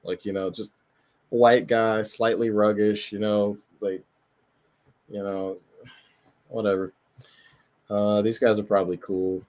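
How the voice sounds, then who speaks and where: Man, lowish voice, casual streamer chat, profane, rambling, laughs a lot. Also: level tone, slow, long pauses, darkish tone. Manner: loose, profane, laughs often, rambling with filler words. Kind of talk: casual chat while browsing a tabletop game.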